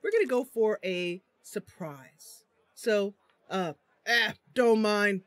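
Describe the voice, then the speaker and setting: On a recording with no echo, a woman speaks slowly at a medium pitch. She chats and laughs a lot as she livestreams a role-playing game, reading its dialogue out loud in a giggly, casual way.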